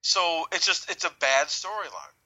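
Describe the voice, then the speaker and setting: Bright-voiced man in animated chat. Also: a little high, normal speed, dull audio. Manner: animated, mimics voices in quoted bits. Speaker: podcast co-host. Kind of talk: casual wrestling talk.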